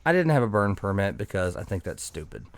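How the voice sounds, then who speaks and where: A man's voice: lowish voice, big pitch swings, brisk, vocal fry, no room sound. A man telling a rambling, profane, sarcastic story in casual podcast chat. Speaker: podcast guest.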